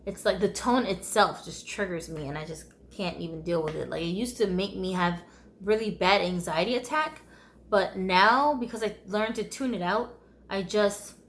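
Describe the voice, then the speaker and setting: Woman vlogger, mid-pitched, casual storytime delivery, candid, wry laughs. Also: fairly bright tone, a little hiss or hum. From United States. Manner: candid, conversational, often laughing wryly. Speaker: vlogger telling her life story.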